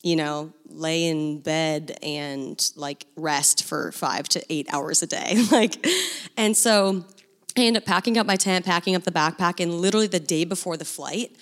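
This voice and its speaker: Young woman, missionary speaker, animated storyteller who laughs often and plays out every line of dialogue. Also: low voice, a little slow. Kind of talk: testimony storytelling.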